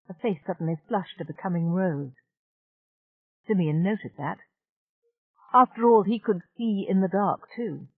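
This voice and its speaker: A woman narrating a science fiction audiobook in an even, measured way. Her voice comes through thin and phone-like. The room is dry and close, with no echo. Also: medium pitch, slightly rough. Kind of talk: scripted narration. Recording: dry, tinny narrow-band audiobook.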